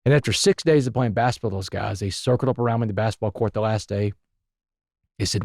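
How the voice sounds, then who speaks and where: Fast-talking man telling a story. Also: lowish voice, gravelly, no echo, studio quality. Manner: animated, emphatic storytelling. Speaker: podcast guest. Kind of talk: storytelling interview.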